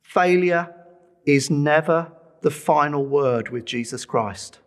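A man's voice: a little high, slow pace. A middle-aged man preaching a sermon, telling a personal testimony with earnest feeling and pleading with listeners to respond.

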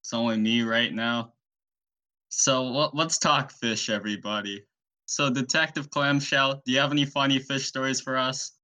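Young guy hosting his own podcast, rambles a silly story totally deadpan, voice bright and kinda sharp. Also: medium pitch, normal speed. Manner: rambling, deadpan, self-interviewing. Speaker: solo podcast host. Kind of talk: absurd comedic storytelling.

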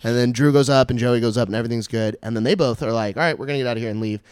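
A man, a stand-up comic, telling a story in casual chat, animated and full of swearing and "like" fillers. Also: mid-range voice, very fast, clean tone, dry recording. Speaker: stand-up comedian.

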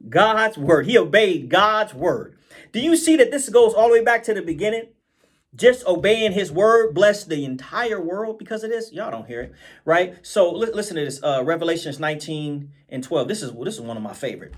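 A man with a high voice preaches an informal Bible study with lively energy. He keeps circling back with "right?", laughs now and then, and slows down for scripture readings. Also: slightly rough. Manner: animated, repeats phrases, calls out "right?" to listeners.

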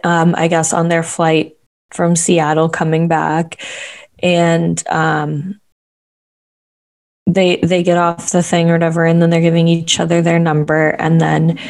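A woman's voice: low voice, vocal fry. A woman casually retelling a TV plot to a friend, rambling along with lots of "like" fillers. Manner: rambling storytelling full of "like" fillers. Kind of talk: casual chat recapping a TV show.

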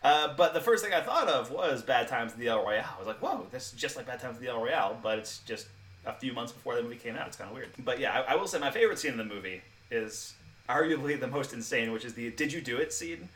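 A man co-hosting a podcast, chatting casually about a film, quick and animated, laughing often. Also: mid-range voice, recorded from a distance, slight background noise. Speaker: podcast co-host.

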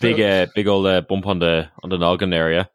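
A man's voice: low-pitched, fairly even intonation, fairly quick, clean tone, no echo, studio quality, pitched below the performer's own voice, natural voice. A man voicing a concussed adventurer who talks in a sheepish, rambling way. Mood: dazed sheepish. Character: dazed, concussed male adventurer, blunt.

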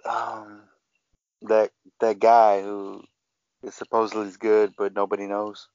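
A man's voice: on the low side, flat delivery, measured pace, a little mellow, clear, resonant tone, no echo. A man co-hosting a casual podcast, rambling through anecdotes with many fillers. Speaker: podcast co-host. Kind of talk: casual chat, storytelling. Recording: dull lo-fi sound.

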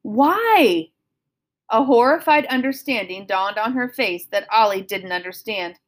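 A woman reading a children's novel aloud in a steady, expressive storytelling manner. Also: medium pitch, normal speed. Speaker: audiobook reader.

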